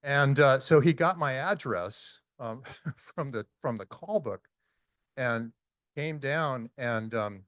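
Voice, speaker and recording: Slow and chatty, a conference speaker in his sixties spins stories with many ums and uhs in a casual talk held in a meeting hall. His voice sits mid-range and a bit bright, and the recording is dry and close with no echo.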